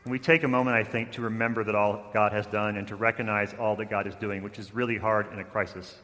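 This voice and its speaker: A man preaching a sermon, telling a story with rising intensity, then softening toward a quiet close. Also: lowish voice, flat delivery, fast, long reverb tail. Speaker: pastor.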